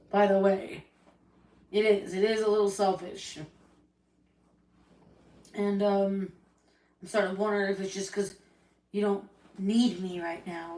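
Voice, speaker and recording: A woman's voice: mid-range voice, distant mic. A woman venting angrily and tearfully on a livestream, swearing often as she speaks about her family and her hurt. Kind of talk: emotional livestream rant. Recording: echoey room, voice from the mic.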